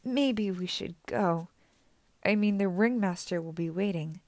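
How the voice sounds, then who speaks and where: A woman's voice: medium pitch, a little slow, darkish tone, dry recording, close to an everyday voice. A woman reading an audiobook voices a wary young girl who sounds tense and guarded.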